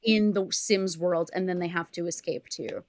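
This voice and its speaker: A woman's voice: on the low side, fairly even intonation, moderate pace, darkish tone, no echo, clean studio sound. A woman guest on a podcast, brainstorming in a rambling, casual way, full of "like" and laughter. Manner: rambling, heavy use of "like", laughs often.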